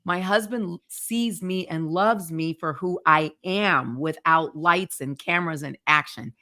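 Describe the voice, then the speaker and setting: A woman's voice: lowish voice, a little slow, sharp tone. A woman hosting a Christian interview, speaking earnestly and from the heart. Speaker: ministry host. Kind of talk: interview conversation.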